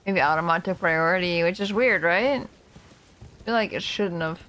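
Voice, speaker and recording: A woman streaming a game, chatting casually, humming to herself and yelling at enemies. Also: on the low side, a little slow. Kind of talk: casual gameplay commentary.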